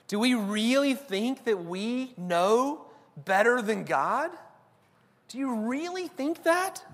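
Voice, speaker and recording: High-voiced male preacher, chatty sermon delivery, big echoing hall. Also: a bit bright. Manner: conversational preaching, tag questions. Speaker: pastor.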